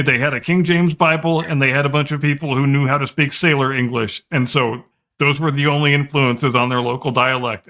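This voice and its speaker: A man's voice: medium pitch, pushed and bright. A man in casual podcast chat, explaining things at length and often repeating words as he restarts.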